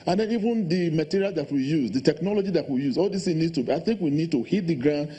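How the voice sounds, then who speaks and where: A man, a guest in a TV studio interview, speaking quickly and insistently about policy. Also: fairly high pitch, lively intonation, dark tone, breathy edge. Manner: fast, insistent, policy talk. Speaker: election official guest.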